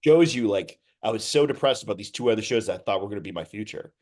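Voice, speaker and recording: Middle-aged male actor guest, lower voice, rambling anecdotes, lots of restarts. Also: quick pace. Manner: animated storyteller, many restarts and asides. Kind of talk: casual interview storytelling.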